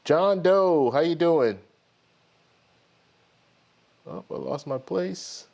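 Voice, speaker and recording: A man hosts a live-streamed credit card show, speaking slowly in a highish, gravelly, darkish voice with lively intonation, on dull audio. In casual stream chat he warmly greets viewers by name, then rambles through his own story, often restarting sentences.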